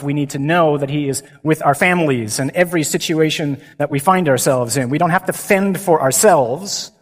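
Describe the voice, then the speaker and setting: A priest preaches to a large gathering of men, his voice sitting a little high and carried by a long hall reverb. He moves between humorous asides and emphatic, punchy statements. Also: a bit bright. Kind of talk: conference talk.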